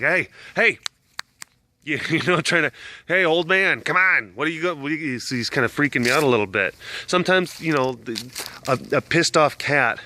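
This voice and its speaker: A young man casually telling a rambling story to the camera, acting out voices as he goes. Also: mid-range voice. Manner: rambling, animated, acts out voices. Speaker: vlogger with big cats.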